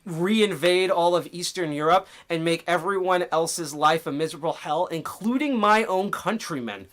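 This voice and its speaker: A man's voice: sits high, normal speed, fairly bright tone. A man sneering as a brash dictator. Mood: smug. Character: brash male dictator, boastful and callous.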